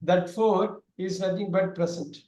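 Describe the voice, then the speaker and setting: A man teaching an online grammar class, talking loudly and repeating himself with many fillers. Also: sits high, fairly even intonation, unhurried. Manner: loud, repetitive explaining with many fillers. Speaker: English teacher. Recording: echoey room.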